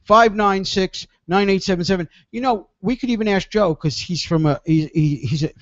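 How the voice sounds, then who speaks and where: High-voiced rambling radio host man. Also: moderate pace, a bit bright, no echo, highs cut off. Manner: rambling, laughing storyteller. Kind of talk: casual radio chat.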